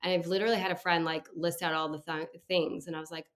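A woman's voice: on the low side, flat delivery, quick pace. A woman in her thirties, a therapist, talking in a casual, reflective interview with lots of fillers. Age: 30s. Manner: warm, reflective, chatty with fillers. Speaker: therapist and podcast guest.

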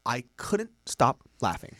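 A young adult man from the United States, a podcast host telling stories in casual comedy chat, animated and peppered with "like" and "right?". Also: medium pitch, slow, no echo, clean studio sound. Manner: animated storyteller, lots of "like" and "right?".

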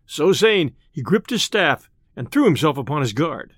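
A man tells an old adventure tale in a theatrical, expressive way. His voice sits a little high and moves a lot. The recording is dry and close. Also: moderate pace, no room sound. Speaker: storyteller. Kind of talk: scripted narration of an old tale.

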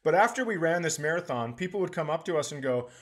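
A man's voice: fairly high pitch, animated, fast. A man co-hosting a podcast in casual comedic chat, ranting with profane exaggeration. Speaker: podcast co-host.

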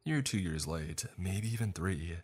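A man's voice: low-pitched, expressive, a little slow, a little mellow, husky, full character voice. A man voicing a chatty young woman retelling a story about a rude customer.

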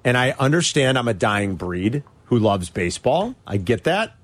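A man hosting a sports talk radio show, an animated fan who rants about his teams. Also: mid-range voice, normal speed.

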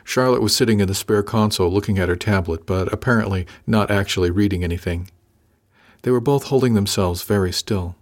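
Low-voiced man narrating, measured and dry. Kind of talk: scripted first-person audiobook narration.

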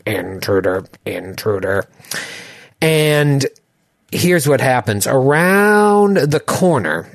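Young man, game master, lively voice, bit high, dry close mic. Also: no echo. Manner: animated, laughs often. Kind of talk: narrating a tabletop game.

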